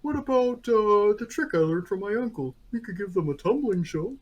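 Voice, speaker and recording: A man's voice: high-pitched, expressive, moderate pace, dull audio, voice pushed up. A man voicing a mischievous male clown with a sly, playful manner.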